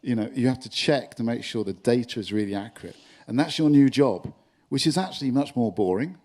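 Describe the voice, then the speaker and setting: A man's voice: mid-range voice, fairly quick. An older man with a London accent, speaking bluntly and with animation as a panelist at a conference. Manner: blunt, animated, laughs at himself. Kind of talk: panel discussion. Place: conference stage with live audience.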